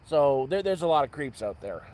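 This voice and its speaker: A man telling stories on a late-night livestream from his outdoor camp. His voice sits a little higher than most men's. He rambles and backtracks, restarting sentences as he goes. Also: very animated, normal speed, darkish tone, poor audio. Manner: rambling, self-correcting storyteller. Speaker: vlogger living outdoors. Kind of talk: casual storytelling livestream.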